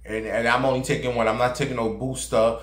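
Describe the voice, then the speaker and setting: A man's voice: medium pitch, little pitch movement, fast talker. A man giving sassy, profane gossip commentary and dramatic storytelling as a vlogger. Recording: roomy echo.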